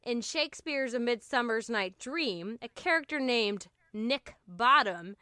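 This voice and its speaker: A woman's voice: a little high, expressive, no echo. A woman co-hosting a podcast, chatting casually and joking about word history. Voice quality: bright, joking, quick to laugh. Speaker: podcast co-host. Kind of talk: casual comedic chat.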